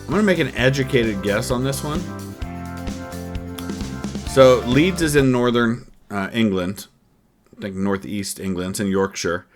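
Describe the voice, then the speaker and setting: A man's voice: medium pitch, a little slow, long pauses, soft background music. A man hosting a history channel, reacting to a trivia quiz and musing through each answer with plenty of ums and uhs. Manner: thinking aloud, hesitant with many fillers.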